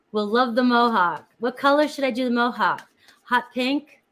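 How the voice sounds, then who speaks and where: A woman's voice: on the high side, a little slow, long pauses, fairly bright tone, rough recording. A woman chatting casually with viewers while giving a tarot reading, calling out each sign and greeting people by name. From Florida, USA. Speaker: tarot reader.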